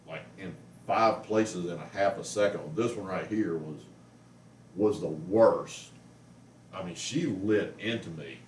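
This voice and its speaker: A man tells a rambling story at home and coos at his cat in a casual vlog. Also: low voice. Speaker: pet vlogger. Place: living room at home. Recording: roomy, mic at a distance, faint noise.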